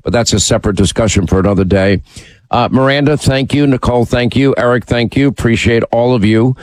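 A man's voice: medium pitch, a little fast, darkish tone, no echo, poor audio. A man hosting a radio talk show, speaking emphatically and opinionated, teasing his callers. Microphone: studio mic.

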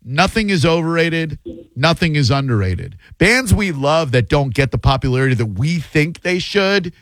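A man's voice: fairly high pitch, sing-song, moderate pace, fairly bright tone, no room sound. Opinionated male radio host. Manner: opinionated, rambling riffs. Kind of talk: casual radio chat.

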